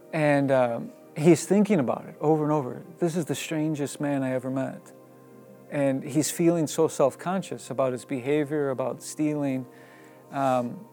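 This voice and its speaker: A man telling a story in a casual, animated way, laughing often and using many fillers. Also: mid-range voice.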